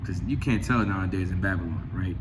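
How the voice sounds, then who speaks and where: A man's voice: low voice, fairly quick, background noise. A man casually talking about scripture and his own life, rambling with many restarts and sometimes acting out conversations. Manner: rambling, restarts often, retells chats in raised voice. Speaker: religious video host. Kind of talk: casual religious commentary with scripture reading.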